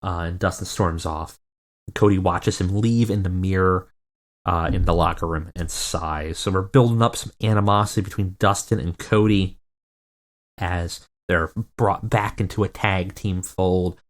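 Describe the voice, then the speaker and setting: A man's voice: low voice, steady tone, measured pace. A man giving casual, rambling commentary on a wrestling management game, often correcting himself. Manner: rambling, self-correcting, chuckling. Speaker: video game let's player.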